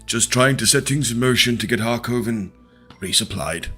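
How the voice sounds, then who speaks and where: A man's voice: mid-range voice, moderate pace, pushed and bright, soft background music, lightly acted. A man voicing a polite, apologetic lord in a tabletop game, stammering a little. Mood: courteous. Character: courteous, flustered male lord.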